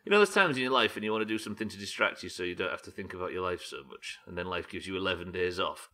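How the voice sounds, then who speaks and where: A British streamer talks very fast in an animated, bright, forceful voice that sits low. While building in his game, he reads chat, chats with viewers, and mutters to himself.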